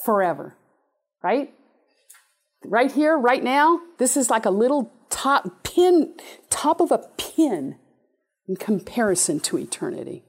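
A woman preaching a sermon in an animated, playful way, with sudden high exclamations. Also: unhurried, pauses often, husky. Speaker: speaker giving a talk.

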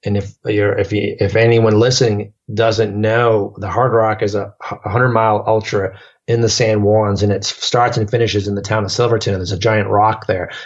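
Low, husky male guest; rambling storyteller, dull lo-fi podcast sound. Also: flat delivery, moderate pace. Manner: rambling, restarts often, lots of fillers. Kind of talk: casual storytelling chat.

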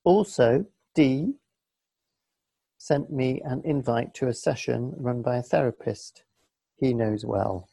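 A man co-hosting a podcast in casual chat, teasing his partner in a dry, deadpan way. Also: mid-range voice, slow pace, gravelly, slightly rough, no echo. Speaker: podcast co-host and editor.

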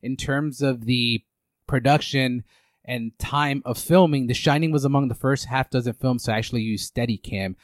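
A man's voice: mid-range voice, normal speed, dry recording. A man hosting a casual movie podcast, recapping film history in a rambling way with many restarts. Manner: rambling, lots of fillers and restarts. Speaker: podcast host.

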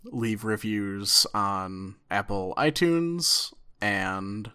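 A man co-hosting a podcast in casual chat, with a laid-back, dry, drawn-out delivery. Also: lowish voice, bright, forceful tone, smooth. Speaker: podcast co-host.

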